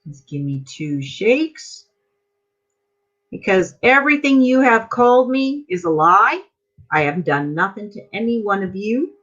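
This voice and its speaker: A woman's voice: mid-range voice, sing-song, unhurried, a bit bright. A woman from Canada speaking to a group meeting, angry and accusing, firing off rhetorical questions. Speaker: member addressing a group meeting. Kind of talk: heated speech to a meeting. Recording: dull lo-fi audio.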